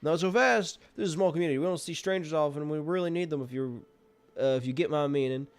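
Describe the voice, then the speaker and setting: A man's voice: fairly high pitch, quick pace, smooth, natural voice. A man putting on a stern small-town gatekeeper. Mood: warning. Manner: stern, warning, read from on-screen text.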